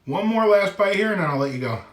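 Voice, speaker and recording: A man casually tasting and reviewing a microwave meal on his own channel, chatty and given to loud exclamations. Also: high voice, expressive, quick pace, reverberant. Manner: chatty, exclaims loudly at hot bites. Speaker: food vlogger. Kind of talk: casual food review vlog.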